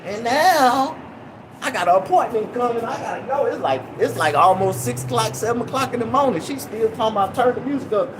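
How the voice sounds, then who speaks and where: A young man casually telling a rambling, profane story in an animated way. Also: very high voice, fairly quick, background noise. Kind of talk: casual anecdote.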